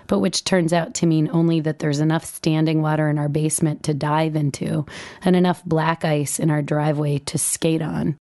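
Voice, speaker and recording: Low, warm woman reading her own essay, wry storyteller who gives quoted lines a lively lift. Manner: wry, dryly humorous storytelling; acts out dialogue with lively pitch jumps. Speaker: writer reading her own blog entry. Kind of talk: first-person essay reading.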